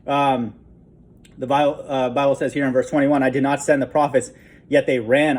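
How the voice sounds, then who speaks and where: A man's voice: mid-range voice, flat delivery, normal speed, darkish tone. A man giving an informal Bible teaching, reading verses aloud and breaking in with frequent "okay?" asides and short chuckles. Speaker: online preacher.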